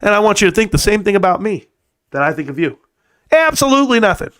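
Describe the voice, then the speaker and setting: A man's voice: high voice, sing-song, quick pace, a bit bright, smooth, voice pushed up. A man doing a mocking impression of a smug male finance YouTuber, upbeat and salesy. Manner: upbeat, salesy, mock-cheerful.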